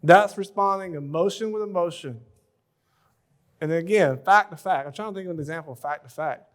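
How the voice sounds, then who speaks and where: Relaxed man telling marriage anecdotes. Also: sits high, fairly quick. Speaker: pastor leading a marriage session. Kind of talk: conversational church talk.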